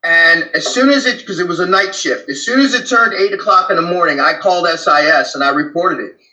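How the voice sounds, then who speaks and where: A man's voice: high-pitched, brisk, bright, forceful tone, reverberant, low-quality recording. A man who worked as a prison guard, telling stories bluntly and profanely in a candid conversation, with many restarts. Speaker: former prison guard, guest.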